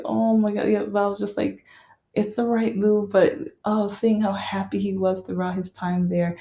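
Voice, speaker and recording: This vlogger gushes about a film she loved in a loose, rambling monologue marked by fillers and false starts. Her mid-range voice is dark in tone, and the sound is roomy.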